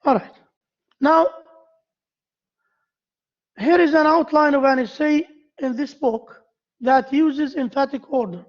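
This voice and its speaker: A woman with an Arabic accent giving a university lecture. She pauses often, repeats key phrases and asks the class questions. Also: high voice. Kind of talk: classroom lecture on essay writing. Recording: dull lo-fi lecture recording.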